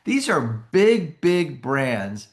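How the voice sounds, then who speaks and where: A man giving an enthusiastic sales pitch on an opportunity call, often restarting and correcting his phrases. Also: very animated, drawn-out words. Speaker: company presenter pitching annuity sales.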